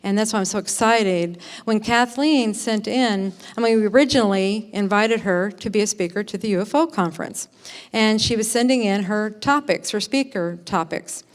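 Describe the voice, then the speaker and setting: A woman introducing a speaker to a conference audience, talking in an excited, rambling way with many fillers and restarts. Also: medium pitch, moderate pace. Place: conference hall, in front of an audience.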